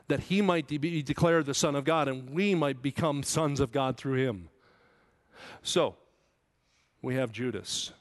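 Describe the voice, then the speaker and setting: A man preaching a Bible sermon, asking his listeners questions and rising loud and high when he quotes scripture. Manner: asks the congregation questions. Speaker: pastor. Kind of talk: expository sermon.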